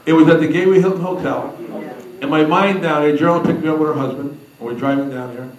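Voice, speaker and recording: A man giving a humorous storytelling speech at a convention, animated and acting out the people he quotes. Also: a little high, fast talker. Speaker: speaker at a convention. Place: large hall. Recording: echoey hall from a distance.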